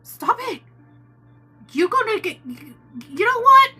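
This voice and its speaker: High bright-voiced woman chatting live. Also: big pitch swings, takes it slowly, soft background music. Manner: chatty and teasing, talks to viewers as "my love". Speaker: tarot reader hosting a live stream. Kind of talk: casual live-stream chat, answering viewers.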